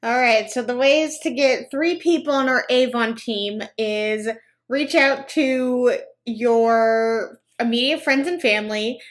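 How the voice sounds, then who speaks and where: A woman's voice: a little high, takes it slowly. A woman giving casual, sarcastic commentary, reacting to clips and animatedly acting out people in a story. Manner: sarcastic, reacting with groans and laughter; animated, acts out other people's lines in story. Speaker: anti-MLM commentary YouTuber.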